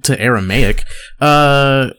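A man co-hosting a podcast, chatting casually with a laid-back, deadpan manner and frequent laughs. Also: mid-range voice, slow pace, slight background noise. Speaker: podcast co-host.

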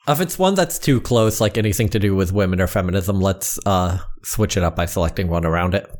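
A man's voice: low-pitched, a little fast. A young man in a casual comedic debate, teasing his opponent with mock indignation.

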